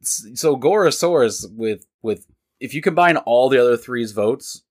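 Young man co-hosting a podcast, lively pitch, jokey and sweary. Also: moderate pace. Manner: animated, joking, swears freely. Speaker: podcast co-host. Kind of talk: casual chat.

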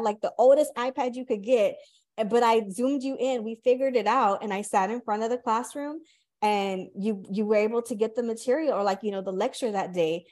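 Podcast host, woman in her thirties, slightly high voice, animated storyteller who acts out quotes. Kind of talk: casual conversation.

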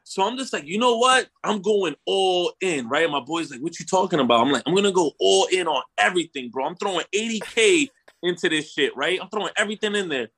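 A young man telling a story in casual chat, animated and slangy, swearing and tagging lines with "bro" and "right?". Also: sits high, fairly quick.

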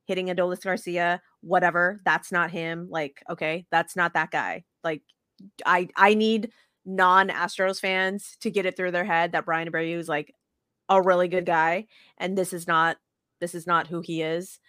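A lower-voiced woman co-hosting a sports podcast, talking in a lively, swearing, self-interrupting way. The sound is dry and close, with no room around her voice. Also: no room sound. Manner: animated, profane storytelling with fast restarts. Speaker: podcast co-host. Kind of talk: casual sports chat.

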